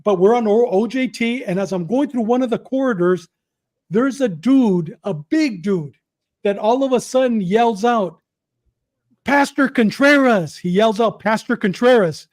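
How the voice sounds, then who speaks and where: A middle-aged man from Southern California appears as a podcast guest telling his own story. His high voice is animated as he retells events quickly and repetitively, acting out the quotes.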